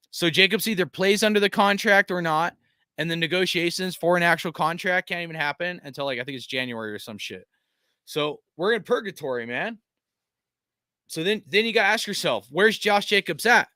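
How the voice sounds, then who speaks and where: A man's voice: high voice, bright, forceful tone, no room sound, clean studio sound. A man hosting a fan stream, venting in a frustrated, profane rant full of fillers while reading chat, tired after a long day. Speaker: fan channel host.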